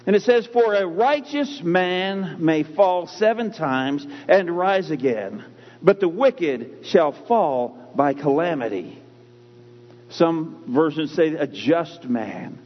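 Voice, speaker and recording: A man preaching a sermon in a church. He talks emphatically and repeats key phrases with slow, drawn-out stress. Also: a little high, very animated. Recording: dull recording with long hall reverb.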